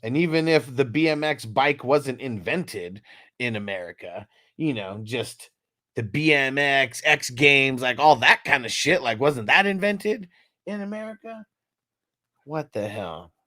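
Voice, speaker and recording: A man with a mid-range voice, speaking a little slowly, hosts a casual fantasy football livestream. He's animated and profane, joking, swearing and laughing often as he reads chat comments aloud. The studio-quality recording has no room sound.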